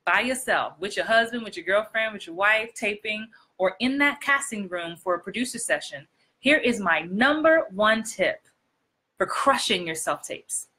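A woman coaching actors in a chatty, animated live stream, talking straight to her viewers. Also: mid-range voice, moderate pace, hardly any pauses, husky. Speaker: acting coach. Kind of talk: live-streamed acting tips.

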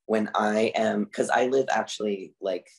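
Guy guesting on a podcast, kinda low voice, rambly and chatty. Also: fairly even intonation, unhurried. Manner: chatty, filler-heavy with frequent "like". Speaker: podcast guest, drag artist. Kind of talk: casual interview talk.

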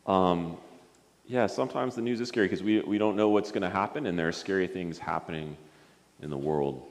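A man, a pastor, giving a gentle children's sermon, coaxing a puppet and stumbling over restarts as he talks. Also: sits low, animated, brisk. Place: church sanctuary. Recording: long church reverb.

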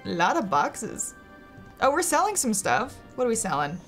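A young woman streams a game over game music, chatty and giggling often as she talks to her viewers. Her fairly high voice swings widely in pitch, a bit bright, at a moderate pace.

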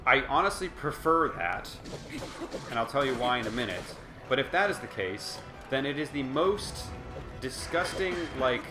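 A man's voice: mid-range voice, lively intonation, moderate pace, echoey room, music in the background. A man giving casual game commentary, rambling and sarcastic, working himself up into impassioned opinions. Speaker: let's play commentator.

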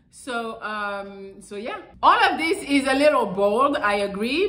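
A woman's voice: fairly high pitch, pushed and bright, reverberant, rough recording. A woman giving casual, frank dating advice, swearing freely as she talks. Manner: frank and profane, acts out little quotes. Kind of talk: casual advice talk to camera.

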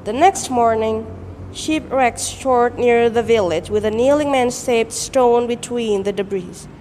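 Slow expressive girl telling a folktale. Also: on the high side. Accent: American-style English. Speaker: student storyteller. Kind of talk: folktale storytelling performance. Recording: echoey hall, faint noise.

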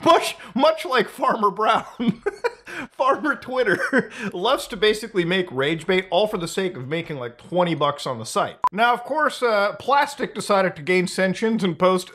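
A man's voice: high voice, lively intonation, normal speed, a bit bright. A man hosting a casual commentary, sarcastic and often breaking into laughter. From North America. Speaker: commentary host.

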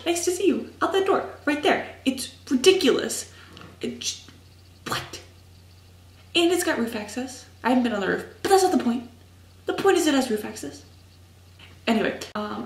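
Chatty young woman with a gravelly edge. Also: mid-range voice. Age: young adult. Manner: chatty, rambling, self-mocking. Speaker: college student vlogger. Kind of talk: casual video letter to a friend. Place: dorm room.

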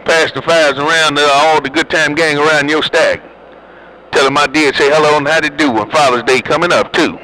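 Man, CB radio operator, slangy teasing chatter, bright forceful voice, faint hiss. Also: a little high, fairly even intonation, a little fast, poor audio. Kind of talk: casual CB radio chat.

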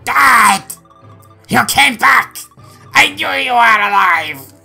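A man putting on an excitable demon boy. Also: extremely high pitch, slow, creaky, breathy edge, soft background music, pitched above the performer's own voice, exaggerated voice. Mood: excited. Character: young male demon boy, boastful and excitable. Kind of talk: amateur voice acting over a game.

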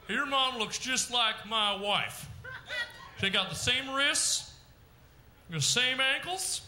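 A man's voice: very high-pitched, lively intonation, takes it slowly, pushed and bright. A man doing live character comedy on a club stage, rambling and blustery like a brash dad working the crowd. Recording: echoey live club room.

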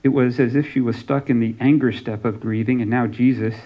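A man's voice: medium pitch, fairly even intonation, fairly quick, highs cut off. A man preaching a sermon as pastor, reading scripture aloud and giving some lines dramatic emphasis.

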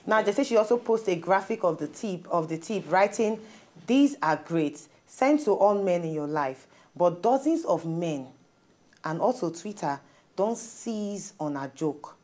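A woman with a Nigerian accent and a fairly low, slightly slow voice hosts a studio talk show. She chats casually in pidgin, laughs often, and reads out stories in an animated way.

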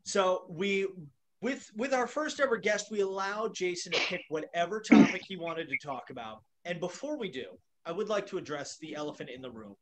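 A man's voice: sits high, lively intonation, normal speed. A man co-hosting a casual video podcast, joking and teasing his guest, with a self-described nitpicky streak. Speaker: podcast co-host.

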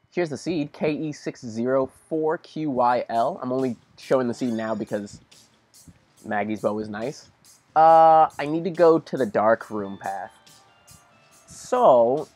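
Young man, husky voice, lively pitch, laid-back game commentary, faint music behind. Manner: rambling, easygoing, talks to his dog. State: tired. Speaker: let's play commentator. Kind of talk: casual gameplay commentary.

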